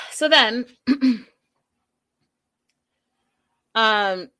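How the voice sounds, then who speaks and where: A woman with a fairly high voice speaks very slowly, giving a casual, gossipy recap of a reality show. She's animated, acting out what the cast members said and reacting to it with exasperation.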